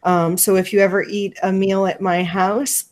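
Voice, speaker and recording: A woman from the United States hosting a casual question-and-answer chat, rambling and relaxed. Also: mid-range voice, moderate pace. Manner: rambling, lots of fillers, relaxed. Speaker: host.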